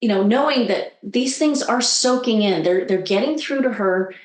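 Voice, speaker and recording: A woman coach sharing a story in an animated, conversational way, acting out the voices she quotes. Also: on the high side, moderate pace, reverberant. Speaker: guest coach.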